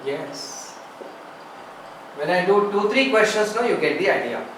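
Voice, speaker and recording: Guy teaching math, high voice, really echoey far-off recording, faint noise, keeps repeating steps and asking questions. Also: expressive, unhurried, fairly bright tone. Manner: explains step by step, repeats phrases, asks rhetorical questions. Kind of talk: classroom math lesson.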